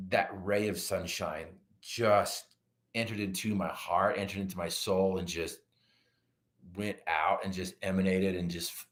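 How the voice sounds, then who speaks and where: Bright-voiced, animated middle-aged male storyteller. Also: low voice. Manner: animated storyteller, acts out his own quoted lines. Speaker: podcast guest.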